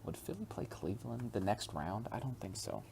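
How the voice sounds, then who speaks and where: Low, casual young guy, profane and rambling, chuckles a lot, solo podcast host. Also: sing-song, fairly quick, creaky, dark tone, slight background noise.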